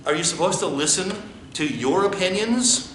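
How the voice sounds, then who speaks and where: A man's voice: high-pitched, animated, normal speed, fairly bright tone, slight background noise. A man with an American accent, a pastor preaching a conversational sermon and asking his congregation questions. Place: church sanctuary. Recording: echoey church with faint ambience.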